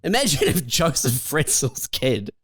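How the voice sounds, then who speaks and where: A man's voice: mid-range voice, big pitch swings, unhurried, breathy edge, no echo, studio quality. A man co-hosting a comedy podcast, chatting in a laid-back, rambling way with fillers. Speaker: podcast co-host. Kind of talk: casual comedic chat.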